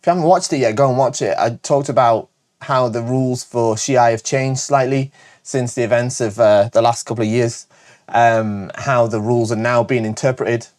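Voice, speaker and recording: A man with a northern English accent, hosting a casual show where he answers viewer questions, talking fast and chattily with frequent self-corrections. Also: medium pitch, steady tone, a little mellow. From Britain. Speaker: host.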